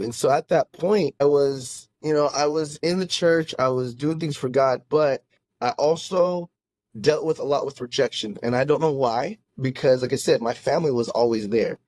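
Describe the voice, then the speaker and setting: A man at a medium pitch speaks earnestly into a close podcast mic, often stopping and starting his sentences. The sound is dry with no room echo. He talks like a pastor telling his own story in a casual chat. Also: a little mellow. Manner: earnest, halting, many restarts. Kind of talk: casual testimony in a conversation.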